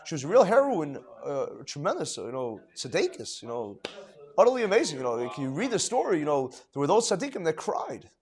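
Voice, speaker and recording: A middle-aged man, a rabbi giving an informal Torah lecture, rambling with many restarts, dropping Hebrew and Yiddish terms into English, swinging between hushed and emphatic. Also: on the high side, sing-song, brisk. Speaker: rabbi teaching a class.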